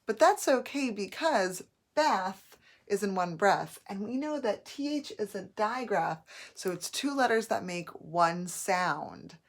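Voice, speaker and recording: A woman teaching a phonics lesson, sounding out words slowly and clearly, syllable by syllable. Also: mid-range voice, expressive.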